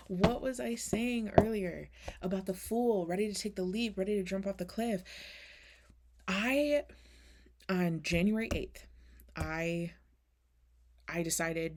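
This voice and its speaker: Casual woman oracle reader, low gravelly voice, candid and chatty. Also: normal speed, a little mellow. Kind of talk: casual spoken oracle reading.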